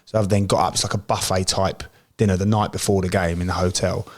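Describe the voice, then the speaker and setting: A man's voice: deep voice, little pitch movement, fast talker. A middle-aged man from Britain, a former footballer, telling rambling, laughing anecdotes in casual podcast chat.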